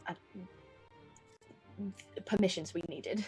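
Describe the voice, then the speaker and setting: A woman's voice: on the low side, slow pace, mellow, faint music behind, poor audio. Hesitant woman playing a tabletop game. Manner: hesitant, with many fillers. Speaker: player. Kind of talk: casual tabletop game chat.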